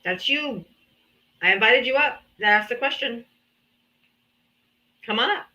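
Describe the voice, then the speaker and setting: Bright-voiced teasing woman streamer. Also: a little high, animated, a little slow. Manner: teasing, sarcastic, talks down to commenters. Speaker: livestream debate host. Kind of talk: casual live-stream talk. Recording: dull lo-fi stream audio.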